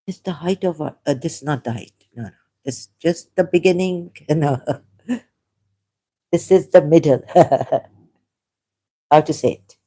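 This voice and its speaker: Non-native English speaker, mid-pitched voice, hesitant self-corrections, little laughs, rambling article reading. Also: darkish tone. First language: not English. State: sore, recovering from a cough. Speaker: ex-Muslim vlogger.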